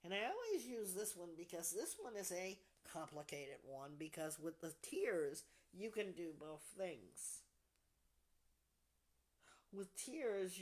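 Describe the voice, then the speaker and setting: A woman hosting a support group session, speaking softly and deliberately, often trailing off into near whispers. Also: fairly low pitch. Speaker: podcast host leading a support group. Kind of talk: reflective talk to a group.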